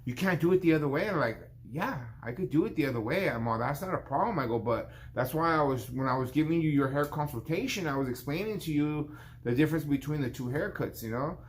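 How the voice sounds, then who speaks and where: A man in his fifties with a somewhat high voice tells a story from his barbershop. He rambles casually, repeats himself and restarts, and puts on a client's voice in snatches. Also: animated, a little fast. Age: 50s. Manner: rambling, acts out the client's lines in a raised voice. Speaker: barber and vlog host.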